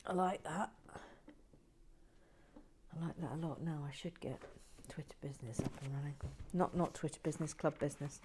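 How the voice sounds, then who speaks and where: A middle-aged woman hosts a soft-spoken ASMR video, building brick sets at a tabletop close to the mic. Her deep voice moves at a moderate pace and often drops into a whisper; she's chatty and mildly self-deprecating, with slight background noise.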